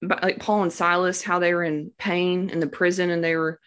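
Young woman kinda low voiced, chatty and prayerful, lots of likes and ums. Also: little pitch movement, fairly quick, fairly bright tone, smooth. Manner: chatty and devout, full of fillers and praise. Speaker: new mother sharing a birth story. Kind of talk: casual personal testimony.

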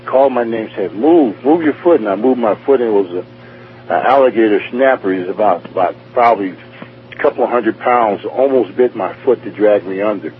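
Low-voiced New York man giving testimony. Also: a little hiss or hum. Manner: rambling, repetitive, acts out dialogue. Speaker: testimony speaker. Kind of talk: personal testimony storytelling. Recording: tinny phone-like radio broadcast.

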